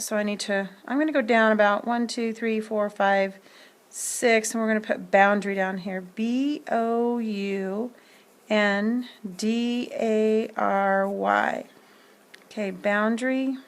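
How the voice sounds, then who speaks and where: A woman teaching a phonics lesson, sounding words out slowly and spelling them letter by letter. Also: mid-range voice, fairly bright tone.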